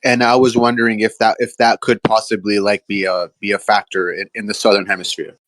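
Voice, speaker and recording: A man puts a question to the group on an online call, halting and hesitant, repeating words as he goes. He is eating while he talks. His voice is dry and close. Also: on the low side, level tone, fairly bright tone, no echo. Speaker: caller asking a question.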